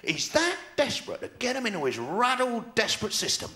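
A man's voice: very high voice, huge pitch swings, pushed and bright. A man with a southern English accent doing a live stand-up routine, ranting in a sardonic way. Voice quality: ranting, sardonic and fast-talking. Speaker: stand-up comedian. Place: large theater stage. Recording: echoey theater hall.

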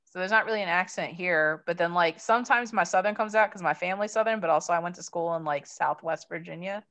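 A woman's voice: lowish voice, fast talker, fairly bright tone. A woman from Maryland, rambling casually with many fillers on a video call. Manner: rambling, hesitant, lots of fillers. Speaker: coaching call participant.

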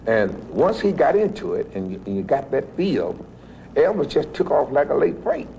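A man, a guest, giving animated praise of a singer. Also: a little high, normal speed, creaky, slight background noise, poor audio.

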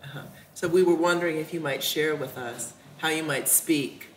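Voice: mid-range voice, normal speed. A workshop moderator asking a speaker questions and prompting him to continue. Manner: probing, prompting. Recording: roomy echo with faint noise.

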